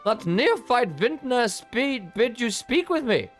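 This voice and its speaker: Streamer doing a snooty winery boss, sneering and slow, faint music behind. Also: medium pitch, sing-song, pitched above the performer's own voice. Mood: disdainful. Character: haughty male winery owner, wine snob. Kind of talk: reading game dialogue aloud.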